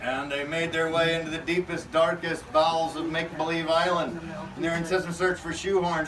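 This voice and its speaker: A man with a high, bright voice improvises a silly comic tale for a crowd, playful and prone to laughing mid-sentence. He is caught from a distance at an outdoor faire, with steady noise around him. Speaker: costumed pirate storyteller at a faire. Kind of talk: improvised comic storytelling with audience.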